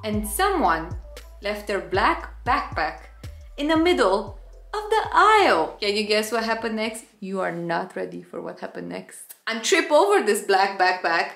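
A woman's voice: mid-range voice, unhurried, gravelly. A woman, a former flight attendant, animatedly telling a story to camera. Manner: animated, dramatic retelling with acted-out quotes. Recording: roomy echo with faint background music.

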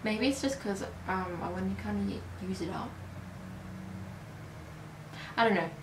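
A tired woman in her early twenties chatting through a casual beauty review, rambling and unhurried with plenty of hesitations. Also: mid-range voice, background noise. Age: early 20s. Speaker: beauty vlogger. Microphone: camera mic. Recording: roomy echo.

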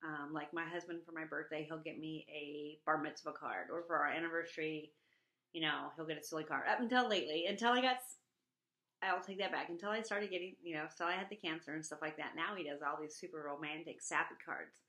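A middle-aged woman chatting casually at home, animated, jumping into a high voice when she quotes people. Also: a little fast, roomy sound. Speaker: vlogger. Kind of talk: casual chat.

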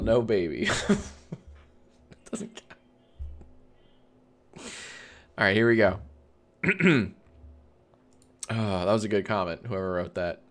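A man's voice: fairly low pitch, a bit bright. Laughing, swearing male streamer. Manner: swears freely, breaks into laughter, rambling restarts. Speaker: livestream host. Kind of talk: casual live-stream chat, reading chat aloud.

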